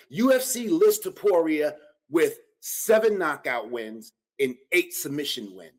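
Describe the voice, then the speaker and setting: A man hosting a combat-sports podcast, breaking down a fight and talking straight to his viewers with casual slang. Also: sits high. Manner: animated, addresses viewers directly with slang. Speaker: podcast host. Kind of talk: solo fight-analysis podcast.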